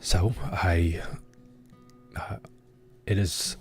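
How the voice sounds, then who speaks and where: A frail old king with a deep, low voice, weakened by illness yet keeping a thread of authority, as a man puts him on. He speaks slowly and formally, like a tabletop game ruler granting an audience. Faint guitar music plays behind. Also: exaggerated voice. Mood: weak, formal. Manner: weak voice with authority underneath. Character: old ailing male king, weak but authoritative.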